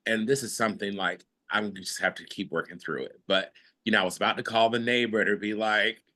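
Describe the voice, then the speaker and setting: Bright-voiced man sharing on a call. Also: on the low side, fairly even intonation, fairly quick. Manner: rambling, laughs often, lots of fillers. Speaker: host sharing in a mindfulness class. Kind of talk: casual, heartfelt group sharing.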